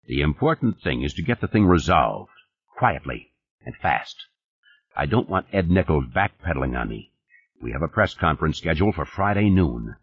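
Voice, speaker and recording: A man reading the part of a gruff, commanding male company boss who talks curtly and coarsely, in an audiobook. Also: a bass voice, very animated, normal speed, dry recording, pitched below the performer's own voice, exaggerated voice. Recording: dull, dry studio recording.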